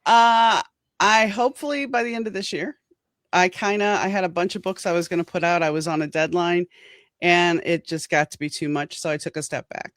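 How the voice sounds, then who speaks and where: A woman's voice: on the low side, steady tone, a little fast, fairly bright tone, no echo. A woman author speaking as an interview guest in an earnest, reflective way. The sound is dry and close, with no room around her voice. She talks through her writing process at an easy, conversational pace. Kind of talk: casual interview chat.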